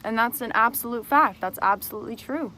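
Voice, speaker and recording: A woman's voice: fairly high pitch, a little fast, slight background noise. A young woman speaking straight to the camera, angrily accusing someone and then explaining her side of events. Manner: angry, accusing and confrontational at first, then calmer explaining. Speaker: speaker recounting a personal grievance. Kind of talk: emotional direct-to-camera testimony.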